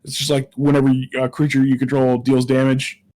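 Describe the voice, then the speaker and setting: Man, mid-pitched voice, blunt joking podcast chatter, quick bursts. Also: monotone, darkish tone. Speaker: podcast co-host. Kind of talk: casual chat.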